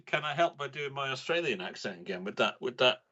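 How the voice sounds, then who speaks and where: Playful deadpan male co-host, bright tone, muffled lo-fi recording. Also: mid-range voice, quick pace. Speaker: podcast co-host. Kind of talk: casual chat. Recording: dull lo-fi sound.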